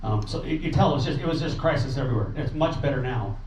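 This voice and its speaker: In a meeting room, a man tells his audience about a refugee relief trip in an informal, earnest, rambling way, using fillers and restarting sentences. His mid-range voice is a little mellow, and he talks at a quick pace. The sound is roomy and distant, dull, with faint noise underneath.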